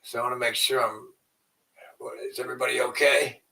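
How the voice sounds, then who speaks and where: A man's voice: medium pitch, steady tone, a little fast, pushed and bright, far from the mic, rough recording. A man hosting a livestream in a rambling, profane way, often trailing off into mumbles. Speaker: livestream host. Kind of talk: casual livestream rant.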